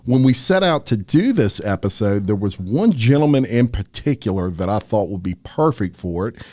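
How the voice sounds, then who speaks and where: A man's voice: on the low side, sing-song, moderate pace, dark tone. A man hosting a podcast, chatting with a guest across the table, friendly with many fillers and restarts. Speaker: podcast host. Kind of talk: casual interview.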